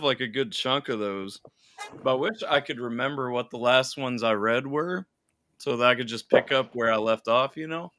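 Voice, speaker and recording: Bright-voiced man hosting a stream. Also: mid-range voice, dry recording. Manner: relaxed, swears freely, trails off. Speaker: stream host. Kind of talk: casual chat.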